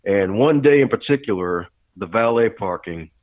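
A man telling a long personal story as a podcast guest and leadership coach, animated and quick to laugh. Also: on the low side, no room sound. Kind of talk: casual storytelling interview. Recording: tinny phone-like line, dry.

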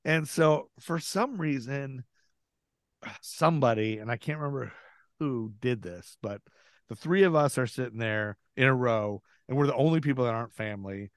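A man's voice: medium pitch, lively intonation, moderate pace, no room sound, studio quality. A man as a podcast guest, telling a story with lots of laughter and swearing, acting out what people said. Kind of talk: casual storytelling.

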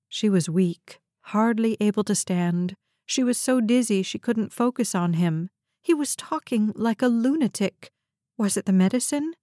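A woman narrating a novel in a steady, even storytelling read, close to the mic. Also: mid-range voice, measured pace, no room sound. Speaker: audiobook narrator. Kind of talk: scripted narration.

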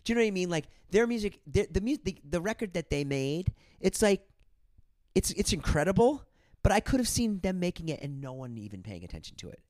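A man's voice: high voice, very animated, a little fast, darkish tone, no echo. A man in his forties hosting a podcast, telling stories animatedly and swearing freely. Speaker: podcast host. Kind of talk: casual chat.

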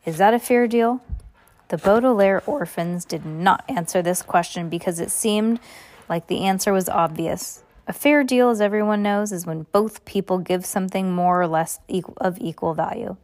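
A woman's voice: on the low side, moderate pace, a little mellow. A woman reading a chapter of a children's novel aloud, with small slips and restarts. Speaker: reader.

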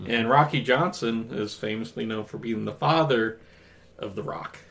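A man co-hosting a casual talk show, knowledgeable and steady, fixing details as he tells stories. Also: mid-range voice, moderate pace, creaky. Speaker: podcast co-host. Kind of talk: casual chat about wrestling.

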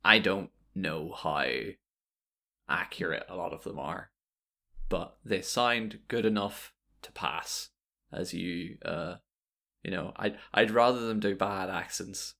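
Man, very low voice, gravelly fry, rambling casual chat, lots of fillers. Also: takes it slowly, bright, forceful tone. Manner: rambling, many fillers and restarts. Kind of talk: casual chat about video games.

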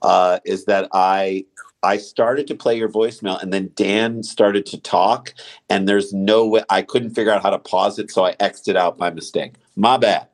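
Male co-host, very low voice, upbeat teasing comic banter. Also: steady tone, normal speed. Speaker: podcast co-host. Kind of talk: casual comedic banter.

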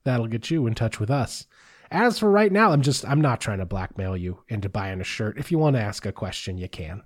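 A man's voice: lowish voice, animated, fairly quick. A man hosting a podcast, reading listener mail in casual chat with a dry, wry manner. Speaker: podcast host.

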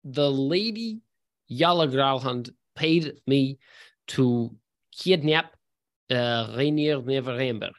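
A man's voice: medium pitch, no echo, studio quality, voice pushed down. A man putting on a Russian-accented mercenary. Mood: scornful. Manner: slow, halting, theatrical delivery. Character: swaggering male mercenary with a put-on Russian accent.

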